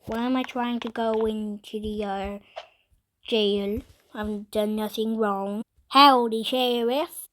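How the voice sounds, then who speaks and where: A woman's voice: mid-range voice, flat delivery, slow pace, darkish tone, slight background noise. A woman hosting a playful gameplay video in a put-on Texas cowboy drawl, whooping often and calling everyone partner. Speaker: gaming video host.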